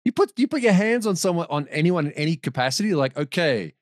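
A man's voice: a little high, expressive, quick pace, no room sound, studio quality. A man as a podcast guest, telling a long story in a rambling way, with restarts and laughs. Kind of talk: casual storytelling.

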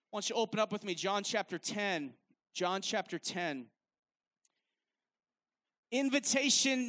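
Male preacher, bright and forceful tone, casual emphatic sermon delivery on a stage mic. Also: very high-pitched. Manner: casual, filler-heavy, emphatic. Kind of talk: live sermon. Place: stage at a worship event.

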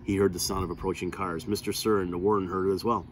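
Man reader, lowish voice, steady novel read-aloud, faint noise behind. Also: quick pace.

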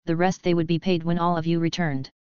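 A woman's voice: on the low side, little pitch movement, fast talker, clean tone, dry recording, lightly acted. A woman voicing a nervous, eager-to-please male bank head who fawns and apologizes, in a dry, dull lo-fi recording. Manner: fawning and apologetic.

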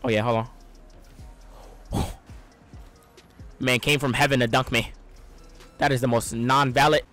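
A young man giving excitable, trash-talking live commentary on his own gameplay, swinging between loud outbursts and low mutters. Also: takes it slowly, faint music behind. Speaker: gaming streamer.

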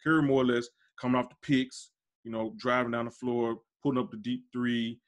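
A man hosting a casual podcast talks basketball at a rapid clip, full of slang and emphasis. His voice sits in a middle range but climbs high whenever he insists on a point. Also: little pitch movement. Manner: fast, emphatic, slangy, rising sharply when insisting. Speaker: podcast host. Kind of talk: casual sports debate.

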